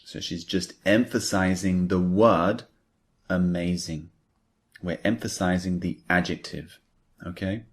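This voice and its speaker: A man with a very deep voice explains English phrases in a patient, unhurried lesson. He speaks slowly and reads his example sentences aloud with added stress. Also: steady tone. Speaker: English teacher.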